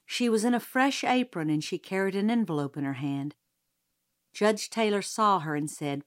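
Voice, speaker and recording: A woman narrating an audiobook in a slow, deliberate way. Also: mid-range voice, expressive.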